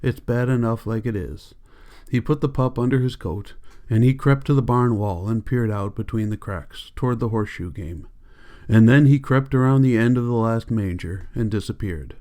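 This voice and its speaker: Calm and measured, a man narrates an audiobook in a medium-pitched voice.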